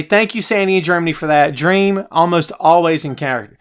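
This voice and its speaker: A middle-aged man hosting a live stream from his home office, chatty and animated as he answers viewer comments. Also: a little high, a little fast, clear, resonant tone. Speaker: podcast host. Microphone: headphones, phone nearby.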